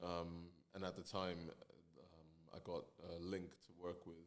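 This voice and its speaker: Man, very deep voice, gravelly, relaxed interview talk, musician guest. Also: unhurried. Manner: relaxed, many fillers and "you know".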